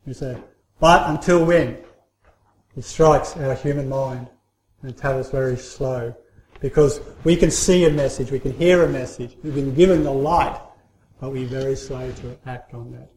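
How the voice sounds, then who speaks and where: A man giving a children's story in church, talking informally with many pauses and restarts. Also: mid-range voice, a little mellow. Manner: halting, many fillers and restarts. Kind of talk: informal sermon. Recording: roomy hall echo.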